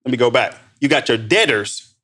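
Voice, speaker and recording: Man, animated podcast storyteller, says "bro" a lot, jumps high for quoted lines. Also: a little fast. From Missouri, United States. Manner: excited, repeats "bro", acts out quotes in a higher voice. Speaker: guest entrepreneur.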